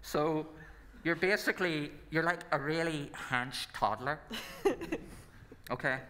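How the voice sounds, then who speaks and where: A man's voice: a little high, slow, pushed and bright. A man playing a joking Northern Irish schemer. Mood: breezy. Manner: playful, rambling, mock-conspiratorial. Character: scheming male rebel leader, jokey. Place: stage at a live convention. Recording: echoey hall at a live event.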